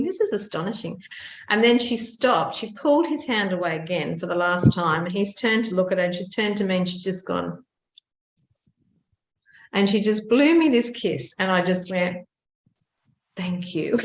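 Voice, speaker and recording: A woman, co-hosting a podcast and telling a story in a lively, animated way. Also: lowish voice, roomy sound. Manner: lively, animated retelling with laughs. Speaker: podcast co-host. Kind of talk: casual storytelling chat.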